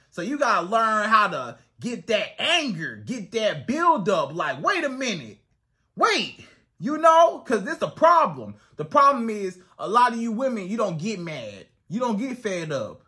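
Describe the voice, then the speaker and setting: A man coaching women on dating in an animated advice monologue, his high voice leaping up and down as he stresses each point. He talks emphatically and hammers his message home with repeated rhetorical questions. His tone is bright and forceful. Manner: animated, swings into acted outbursts.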